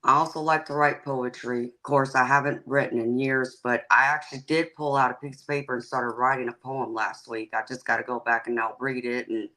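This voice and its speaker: A woman's voice: very deep voice, fairly even intonation, brisk, hardly any pauses, bright, forceful tone, low-quality recording. A psychic and tarot reader, a woman, talking frankly and plainly about her life as a guest on a live-stream chat, laughing easily. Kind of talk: candid personal storytelling in a live-stream chat.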